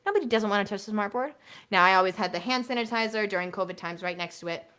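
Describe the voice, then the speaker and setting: A woman teaching an online workshop for elementary music teachers, chatty and energetic, sometimes singing short songs to demonstrate. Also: mid-range voice, fast, clean tone.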